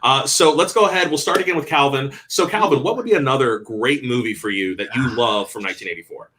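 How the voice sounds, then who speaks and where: Man, panel host, casual chat, enthusiastic, bright voice. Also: medium pitch, fast, slight background noise. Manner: enthusiastic, animated storyteller.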